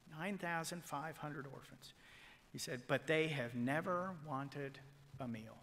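Bright-voiced preacher, booming to whispering. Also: male voice, measured pace, in a large hall. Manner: dramatic swings from loud proclamation to hushed whispers; quotes figures in a retold story. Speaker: pastor. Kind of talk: sermon.

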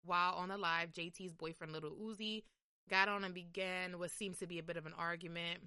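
Casting: female podcast host, chatty and loose with fillers, bright crisp voice, dry close sound. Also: fairly low pitch, fairly even intonation, a little fast, no room sound. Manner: chatty, lots of "like" and "um". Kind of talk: casual chat.

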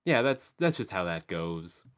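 A man with a fairly low voice co-hosts a podcast in loose, casual chat. He is sardonic, swears freely, and often restarts his sentences mid-thought. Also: big pitch swings, a little slow. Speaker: podcast co-host.

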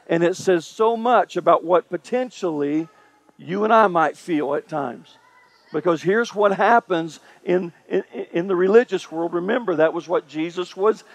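A man's voice: high voice, no room sound. A male pastor delivering a sermon, emphatic and repetitive, speaking straight to the congregation. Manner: emphatic preaching, repeats phrases, addresses congregation directly.

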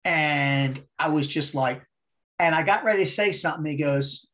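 A man's voice: a little high, brisk, a bit bright. Blunt, profane middle-aged man telling a story. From United States. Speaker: podcast guest. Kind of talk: casual storytelling interview.

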